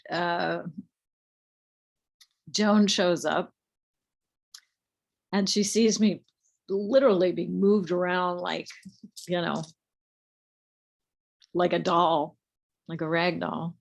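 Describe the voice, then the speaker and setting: A middle-aged woman slowly telling a personal spiritual story, halting, with many fillers and restarts. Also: fairly low pitch, fairly even intonation, gravelly. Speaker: group leader telling her spiritual story.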